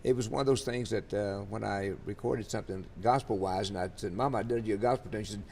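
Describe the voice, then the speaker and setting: Older man, low voice, rambling interview anecdotes, faint rumble behind. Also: fast, gravelly, a little mellow. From Louisiana, USA. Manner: rambling, many fillers and restarts. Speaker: interviewee, country singer. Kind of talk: storytelling in an interview.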